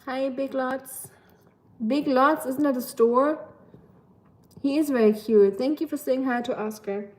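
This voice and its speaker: A woman's voice: high-pitched, measured pace, darkish tone. Chatty woman streaming late. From Germany. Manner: chatty, reads viewer comments aloud, heavy use of "like". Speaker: live streamer. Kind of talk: casual live-stream chat.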